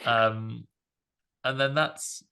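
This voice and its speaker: A man talks through a film's plot in loose, animated podcast chat, his voice gravelly with a creaky edge. He leans on fillers and restarts as he hosts. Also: medium pitch, extremely slow. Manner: rambling, animated retelling with fillers. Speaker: podcast host. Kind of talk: casual film review chat.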